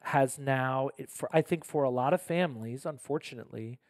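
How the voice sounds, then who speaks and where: Earnest priest host, dry sound. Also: male voice, medium pitch, fairly quick, no room sound. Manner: earnest, self-correcting, lots of restarts. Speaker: pastor and podcast host. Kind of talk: casual podcast conversation.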